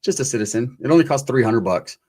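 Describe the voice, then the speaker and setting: A man's voice: medium pitch, expressive, fast talker, darkish tone. A man co-hosting a live-stream chat, joking around and swearing casually. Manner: joking, profane, easygoing. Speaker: co-host.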